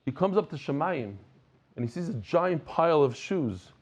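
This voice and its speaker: A man giving a lively Daf Yomi Talmud lesson, dropping Hebrew and Yiddish terms and repeating words as he pushes a point. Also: fairly high pitch, moderate pace, slightly rough. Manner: repeats and restarts words, jokes with listeners.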